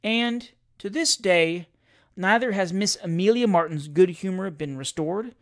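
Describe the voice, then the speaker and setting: A reader narrating a comic classic story aloud. The delivery is lively and theatrical, with a dramatic sense of timing. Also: medium pitch, unhurried. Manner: lively, theatrical narration with shouted character lines.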